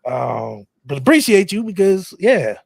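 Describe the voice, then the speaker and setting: A man's voice: high voice, big pitch swings, a little slow, vocal fry, breathy edge, dry recording. A man hosting a podcast in casual chat, joking bluntly and swearing. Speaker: podcast host. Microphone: streaming setup, close mic.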